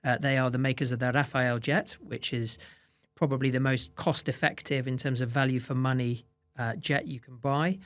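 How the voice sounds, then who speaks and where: A man's voice: mid-range voice, fairly even intonation, moderate pace, a bit bright, dry recording. A man, a fund manager, answering interview questions with many restarts and fillers. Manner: hesitant restarts, many "you know"s.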